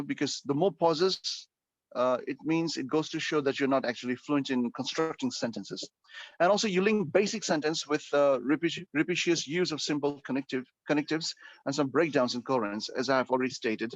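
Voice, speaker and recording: A man's voice: on the high side, dry recording. A man teaching an online English speaking class, explaining at length with frequent fillers and restarts. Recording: dull, lo-fi and dry.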